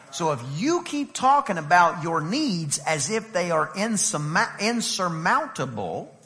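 A man preaching a sermon as pastor, moving from conversational talk to fervent shouting. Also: fairly high pitch, big-room sound. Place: church.

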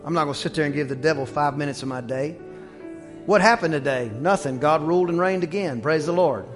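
A man preaching a sermon as pastor, telling stories and breaking into shouts on his strongest points. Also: fairly high pitch, over music. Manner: preaching with rising shouts and quick asides.

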